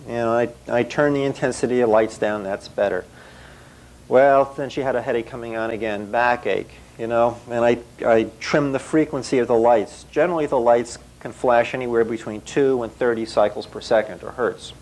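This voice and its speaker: A man's voice: mid-range voice, fairly even intonation, normal speed, darkish tone, rough recording. Man telling a therapy case story. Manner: storytelling, acting out quoted dialogue. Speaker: psychotherapist. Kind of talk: clinical case anecdote.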